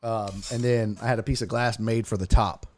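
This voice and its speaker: A man's voice: fairly low pitch, steady tone, moderate pace, darkish tone. A man hosting a sports live stream from home, chatting loosely, rambling and thanking viewers in chat. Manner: swears casually.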